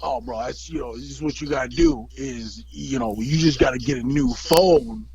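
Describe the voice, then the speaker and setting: Man doing a boastful gym bro, gravelly, bouncy pitch, bro slang. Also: huge pitch swings, moderate pace, darkish tone, highs cut off, heavily acted. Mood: cocky. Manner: cocky, laid-back bro slang. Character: brash boastful young male gym bro.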